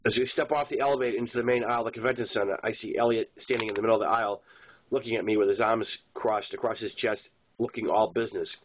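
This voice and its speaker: A man reading his own novel aloud in first person, with plain, steady storytelling. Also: lowish voice, fast, dull audio. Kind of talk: first-person audiobook narration.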